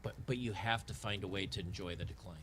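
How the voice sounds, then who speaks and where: A man's voice: sits low, quick pace, a bit bright, slight background noise. A man, ranting in a frustrated, sarcastic way over a game and often restarting his sentences. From Tennessee. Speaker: gaming channel host. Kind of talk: ranting commentary over gameplay.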